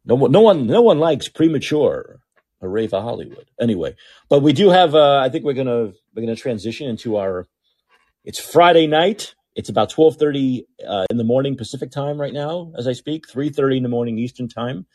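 Male podcast host, husky and mellow, lively sarcastic monologue with loud peaks and mumbled asides. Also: mid-range voice, a little fast. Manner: sarcastic, animated, swings from loud outbursts to muttering asides. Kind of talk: opinionated monologue. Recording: talking alone at home.

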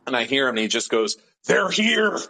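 A man's voice: medium pitch, rapid-fire, poor audio. A man from Pittsburgh, an interview guest, telling a story casually with a lot of swearing and filler words. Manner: profane, animated storytelling with many fillers.

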